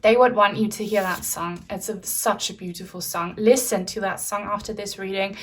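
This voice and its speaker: A woman reading tarot cards for viewers, speaking in a gentle, reassuring and chatty way. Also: mid-range voice, steady tone, moderate pace, husky. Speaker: tarot reader.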